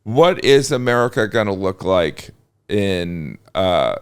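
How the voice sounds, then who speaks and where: A man's voice: sits low, very animated, slow, clean tone. A middle-aged man, a comedian guest in casual chat, who rambles and trails off mid-thought. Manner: rambling, trails off, many fillers and restarts.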